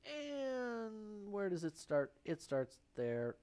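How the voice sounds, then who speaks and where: A man's voice: sits high, huge pitch swings, slow pace, darkish tone, clear, resonant tone. A man hosting a live painting stream on a lavalier mic, playful, muttering to himself and drifting into whispers. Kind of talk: live painting demonstration chat. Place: painting studio. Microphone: lavalier microphone.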